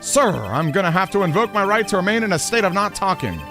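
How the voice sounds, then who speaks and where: A man voicing a jittery, loud male police bailiff who stammers and keeps saying sir. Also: high-pitched, big pitch swings, fast talker, music in the background. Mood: nervous blustering.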